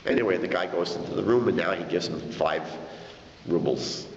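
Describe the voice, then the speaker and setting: A male rabbi telling a story in an animated way, acting out the quotes. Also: deep voice, moderate pace. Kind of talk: storytelling lecture. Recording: dull echoey hall, faint noise.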